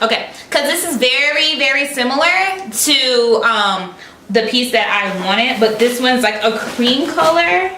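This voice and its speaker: A woman's voice: fairly high pitch, animated, a little slow, sharp tone. A young woman unboxing clothes for her vlog, dramatic and gushing, calling her viewers y'all. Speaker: fashion vlogger. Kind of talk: excited unboxing chat. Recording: roomy echo, mic at a distance, faint noise.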